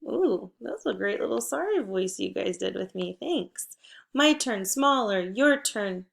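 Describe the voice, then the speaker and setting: A woman teacher giving a spelling and phonics lesson to first graders, patient and encouraging, prompting with clear cues. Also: medium pitch, lively intonation, unhurried. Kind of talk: phonics lesson for young children.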